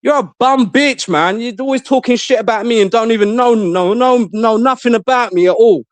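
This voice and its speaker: High-voiced taunting man. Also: brisk, dry recording. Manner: taunting, trash-talking, boastful; repeats himself, mocking. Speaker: live stream guest. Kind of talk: casual stream chat.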